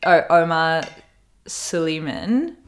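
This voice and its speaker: Young woman podcast host, lower voice, lively storyteller who acts out every quote. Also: slow pace, slight background noise. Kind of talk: casual chat.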